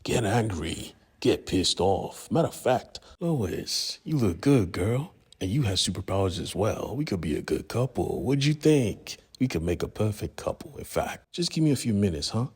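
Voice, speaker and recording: A man voicing an arrogant, cruel superpowered villain who mocks and curses, his low husky voice pushed up high. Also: lively intonation, moderate pace, hardly any pauses. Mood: taunting. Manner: mocking, profane, gloating.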